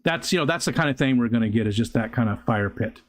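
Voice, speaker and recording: A man's voice: medium pitch, lively intonation. Rambling older man chatting on a livestream. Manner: rambling, halting, with frequent restarts and fillers. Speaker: livestream host. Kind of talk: casual live chat reading viewer comments. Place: outdoors near a pond.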